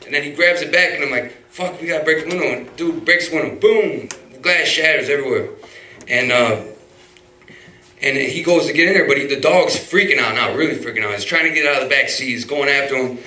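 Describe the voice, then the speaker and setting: Bright-voiced man telling a story live. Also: medium pitch, a little fast, slight background noise. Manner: rambling, many restarts and fillers, profane. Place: live stage venue. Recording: roomy hall, mic far off.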